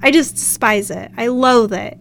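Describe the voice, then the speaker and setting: A woman's voice: fairly high pitch, moderate pace, gravelly, a bit bright. Bubbly chatty woman podcast host. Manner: bubbly, chatty, laughs often. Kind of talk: casual podcast chat.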